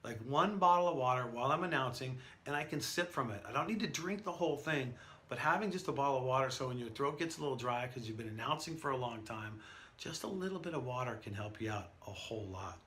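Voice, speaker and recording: A man who works as a professional event announcer, giving an energetic, conversational lesson with stories from his career. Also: medium pitch, quick pace, a little hiss or hum. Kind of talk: instructional talk to camera.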